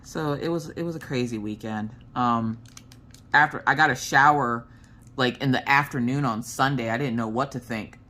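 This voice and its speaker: Woman vlogger, low pitch, forceful bright tone, animated storytime delivery. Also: moderate pace. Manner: animated, frank storyteller who acts out quoted voices. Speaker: crafting vlogger. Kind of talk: casual storytime chat.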